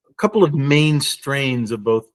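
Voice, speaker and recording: Man, podcast co-host, mid-range voice, measured, thoughtful, casual chat. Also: mid-range voice, animated.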